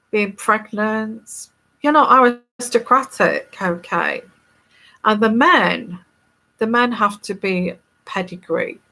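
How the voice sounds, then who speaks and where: Slow-talking English woman, rambling. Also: mid-range voice, sharp tone. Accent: neutral English. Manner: rambling, emphatic, scornful. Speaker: tarot reader. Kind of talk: casual monologue to viewers.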